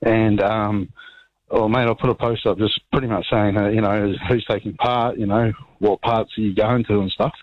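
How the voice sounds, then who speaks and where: A New Zealand man calls in to a radio show and rambles, filling his talk with ums and mates. His voice sits a little low. The call comes through a dull, muffled phone line that sounds dry. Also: flat delivery, moderate pace, dry recording. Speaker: caller.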